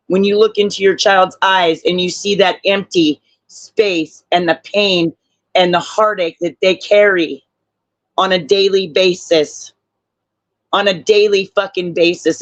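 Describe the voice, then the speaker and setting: A man's voice: high voice, fairly bright tone, no room sound, muffled recording. An older man speaking as a guest on a live stream, blunt, heartfelt and swearing. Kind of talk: emotional live stream discussion.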